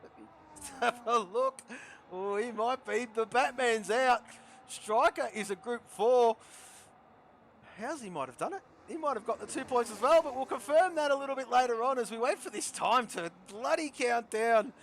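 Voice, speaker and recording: A man commentating a sim racing league, shouting with excitement at fast laps and laughing at his own jokes. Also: very high voice, slight background noise. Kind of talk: excitable esports race commentary.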